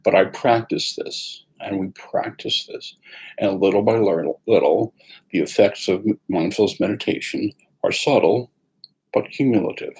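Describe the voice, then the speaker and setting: A man teaching mindfulness meditation in a calm, unhurried way, pausing often as he guides the practice. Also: deep voice, slightly rough, rough recording.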